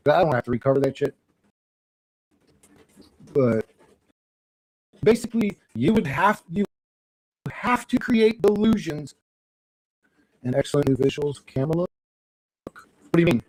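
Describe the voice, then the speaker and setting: A young man hosting a livestream from a dark bedroom, talking to his chat in a rambling, profane rant that flares into angry outbursts. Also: fairly high pitch, expressive, moderate pace, pauses often, dry recording, rough recording. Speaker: livestream host. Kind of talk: casual ranting talk to chat.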